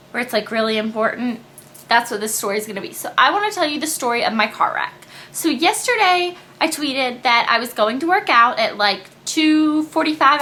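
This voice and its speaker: A young woman telling a story to camera in a casual vlog, chatty and animated, with quick asides. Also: high voice. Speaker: beauty vlogger.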